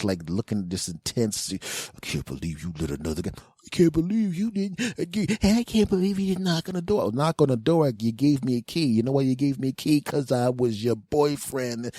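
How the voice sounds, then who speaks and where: A male comedian and podcast host telling a crude story in an animated way. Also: medium pitch, dry recording, studio quality.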